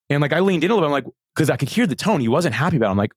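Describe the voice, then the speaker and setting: A middle-aged man, a podcast guest, telling a story in an animated, earnest way with many restarts. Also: a little high, racing, hardly any pauses, slightly rough, dry recording. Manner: animated, earnest, frequent repeated starts. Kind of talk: conversational storytelling.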